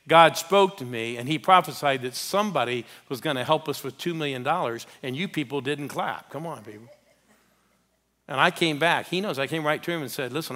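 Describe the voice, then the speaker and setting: A man's voice: on the high side, bright, forceful tone. A man preaching as a guest pastor in a church, telling a story and urging the congregation to respond. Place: church sanctuary.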